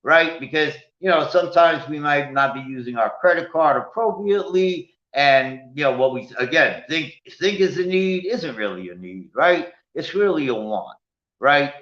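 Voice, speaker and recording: New finance lecturer, male, higher voice, addresses the room constantly, lo-fi roomy sound. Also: moderate pace. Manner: animated, keeps addressing "ladies and gentlemen" and asking "right?". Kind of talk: lecture with slides. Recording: echoey room, dull lo-fi sound.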